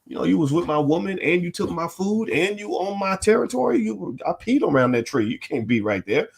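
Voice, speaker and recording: A man's voice: high voice, expressive, a little fast, pitched above the performer's own voice, full character voice. A man putting on an angry growling bear. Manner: gruff, growling street talk. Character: angry male bear defending his turf.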